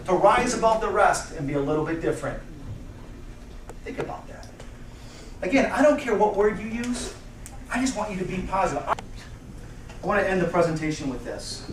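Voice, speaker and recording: A man giving a motivational keynote speech to a live audience, energetic and acting out bits of dialogue. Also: high-pitched. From United States. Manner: energetic, acts out dialogue in voices. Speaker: motivational speaker. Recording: echoey room from far off, noisy.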